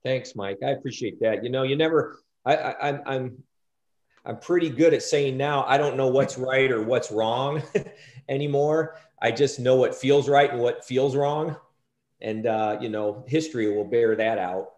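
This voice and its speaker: A school superintendent, a man, reports to a board meeting in a roomy, echoing space. He talks in a halting way, restarting sentences and repeating words as he works through them. His pitch sits in an ordinary middle range. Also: a little mellow.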